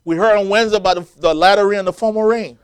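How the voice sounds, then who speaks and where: A man's voice: high-pitched, rapid-fire, clean tone. A man preaching a sermon, quoting scripture and building to emphatic, rising peaks as the congregation answers.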